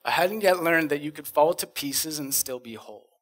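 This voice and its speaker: A man on a conference stage performing spoken-word poetry, rhythmic and dramatic, swinging from loud bursts to hushed lines. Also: on the high side, lively intonation, moderate pace. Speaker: conference speaker.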